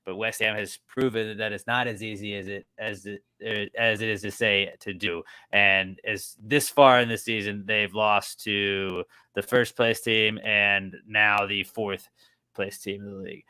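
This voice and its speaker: A man's voice: lowish voice, bright, forceful tone, smooth, dry recording. A man co-hosting a casual sports podcast, rambling with frequent restarts and casual swearing. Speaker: podcast co-host.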